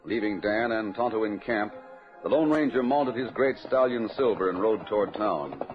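A man narrating a radio drama in a fairly low, smooth and steady voice. The recording is a dull old broadcast, with music clearly audible under him. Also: normal speed. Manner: smooth, steady storytelling delivery. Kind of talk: scripted narration.

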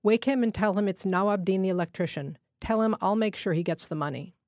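A woman's voice: medium pitch, a little fast, a little mellow, no echo, clean studio sound, natural voice. A woman reading the part of a male village pharmacist who speaks abruptly and surely. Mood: curt. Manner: curt and matter-of-fact.

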